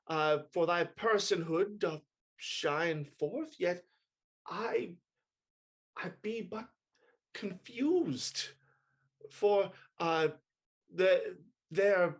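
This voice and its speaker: A man improvising as a young lord mayor who flatters and stammers in mock-Shakespearean speech. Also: sits high, heavily acted. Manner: stammering, with many uh's and restarts. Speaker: improv stage actor.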